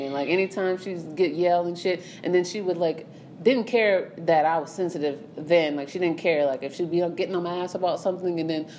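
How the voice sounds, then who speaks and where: A woman's voice: low-pitched, a little mellow, slight background noise. A young woman casually telling a story about a fight with her boyfriend, laughing and swearing often. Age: young adult. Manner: laughing, profane, rambling.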